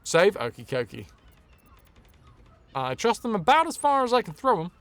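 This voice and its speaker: A young man streams a video game live, chatting, joking playfully, and singing snippets as he plays. His high voice swoops wildly in pitch at a moderate pace, sounding a bit bright in a dry recording.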